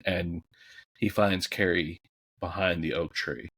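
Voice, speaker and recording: A man's voice: low-pitched, fairly even intonation, slow pace, slightly rough, no echo. A man co-hosting a movie podcast, describing scenes casually with some swearing and acted-out lines. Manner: casual, swears, acts out characters' shouts. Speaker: podcast co-host. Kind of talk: casual movie review chat.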